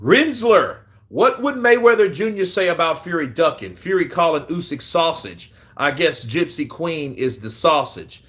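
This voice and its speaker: A man's voice: on the high side, normal speed, hardly any pauses. A man hosting a casual boxing livestream, reading chat aloud, swearing freely and laughing often. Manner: profane, animated, laughing often. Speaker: boxing channel host.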